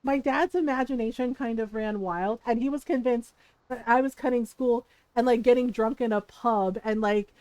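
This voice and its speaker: A woman's voice: on the high side, moderate pace, a little mellow, dry recording, low-quality recording. A woman livestreamer chatting casually as she tells a story during a game, laughing often and acting out the dialogue. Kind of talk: casual storytelling while gaming.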